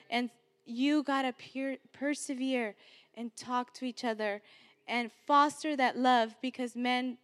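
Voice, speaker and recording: A woman preacher delivers an earnest sermon in a high voice, taking her time over each phrase. She leans on repetition to drive her points home, and a long hall reverb trails after her words. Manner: earnest, exhorting, repeats key phrases.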